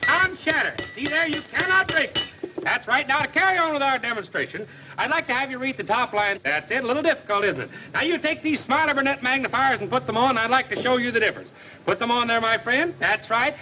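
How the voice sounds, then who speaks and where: Brief: folksy film-western huckster selling specs, very high, bouncy voice. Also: male voice, lively intonation, background noise. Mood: cheery. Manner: folksy fast-patter sales pitch, sings comic jingles. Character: jolly male huckster hawking spectacles, folksy and joking. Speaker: traveling spectacles salesman. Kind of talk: 1940s western film acting.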